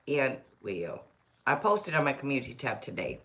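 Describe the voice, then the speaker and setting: A woman's voice: low-pitched, big pitch swings, normal speed, fairly bright tone. Rambling woman chatting on a live stream. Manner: rambling, chatty, talks to herself. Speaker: tarot reader livestream host. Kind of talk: casual livestream chat.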